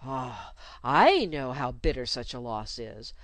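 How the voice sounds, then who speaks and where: A woman's voice: mid-range voice, big pitch swings, normal speed, no room sound, voice pushed up, lightly acted. A woman voicing a fussy, self-pitying governess who talks in a plaintive, coaxing way. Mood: mournful.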